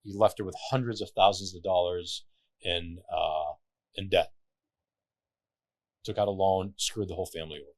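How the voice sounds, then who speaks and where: Deep-voiced man telling animated stories. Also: moderate pace, pauses often, no room sound. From Lebanon. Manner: animated storyteller, swears casually. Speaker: podcast guest. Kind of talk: casual podcast chat.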